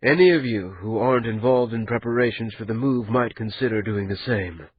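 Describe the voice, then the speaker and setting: A man's voice: on the low side, brisk, husky, dull audio. A weary, subdued young man, as a narrator puts him on. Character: weary, frightened young man, reluctant leader.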